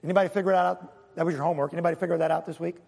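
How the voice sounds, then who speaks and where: A man's voice: on the high side, fairly even intonation, racing, gravelly, darkish tone, breathy edge, long reverb tail. A male pastor preaching a sermon, emphatic and fond of rhetorical questions to his congregation.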